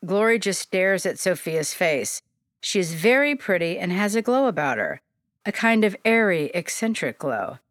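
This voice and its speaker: A woman narrates a storybook in a gentle, descriptive way, her voice sitting a little low. The recording is dry and close, with no room sound. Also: big pitch swings, moderate pace, no echo.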